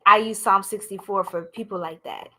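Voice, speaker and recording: A woman's voice: mid-range voice, steady tone, moderate pace, bright, forceful tone. A young woman, doing a live tarot reading in a playful, goofy, slangy way and laughing often. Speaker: tarot reader.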